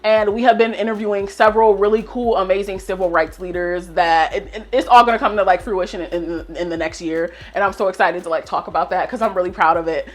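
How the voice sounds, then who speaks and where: A woman's voice: medium pitch, fairly even intonation, fast, few pauses. A young woman in her twenties telling a storytime rant to her viewers, swearing and fired up as she vents. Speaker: vlogger.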